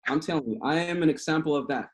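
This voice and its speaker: A man's voice: a little high, quick pace. A man in his thirties from Cuba with a Cuban Spanish accent, a native Spanish speaker giving a casual, passionate talk that rambles with restarts. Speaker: guest speaker. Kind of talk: casual talk over a video call.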